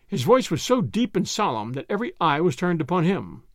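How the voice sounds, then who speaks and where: A man's voice: fairly high pitch, sing-song, a little fast, few pauses, dry recording, studio quality. A man reading a story aloud, giving each character a voice of his own. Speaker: audiobook narrator. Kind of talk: scripted narration.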